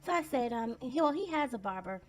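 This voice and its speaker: A woman's voice: on the high side, expressive, a little fast. A woman telling personal stories in a casual vlog monologue, blunt and sarcastic in a conversational way.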